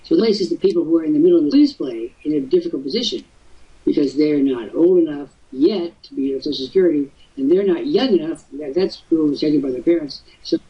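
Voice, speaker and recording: Older guy hosting a web talk show, husky kinda high voice, sounds far from the mic, muffled audio. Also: warm tone. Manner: expansive storytelling, theatrical asides. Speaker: webcast talk show host. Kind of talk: casual live webcast talk.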